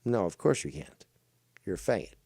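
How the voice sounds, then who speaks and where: A man's voice: low-pitched, big pitch swings, normal speed, gravelly, dark tone, breathy edge, no echo, studio quality. A man from Ontario, hosting a ranting commentary show with a mocking, profane, insulting manner. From Ontario, Canada.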